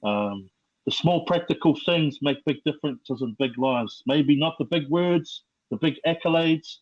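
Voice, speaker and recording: A middle-aged man with a New Zealand accent, telling his life story as a podcast guest in a slow, reflective way with many fillers. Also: a little high, muffled recording. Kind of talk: personal testimony.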